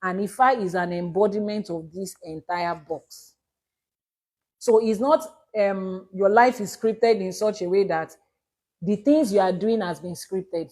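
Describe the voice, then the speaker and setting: A woman's voice: lowish voice, warm tone, husky. Emphatic Nigerian woman teaching on a stream. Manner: explains with examples and repetition, emphatic. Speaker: Ifa priestess hosting a live stream. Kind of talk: live-stream religious teaching, answering viewers.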